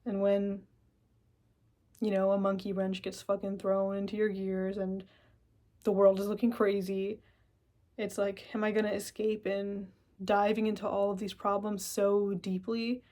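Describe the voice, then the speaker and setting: A woman's voice: medium pitch, level tone, measured pace, warm tone. Rambling, cursing woman vlogger. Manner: profane, rambling, acts out her inner voice. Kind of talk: casual reflective monologue.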